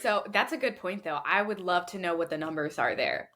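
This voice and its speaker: A woman in her thirties co-hosting a podcast, telling a family story in a casual, animated way and laughing often. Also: on the low side, brisk. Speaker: podcast co-host. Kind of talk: casual chat. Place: lives in Florida.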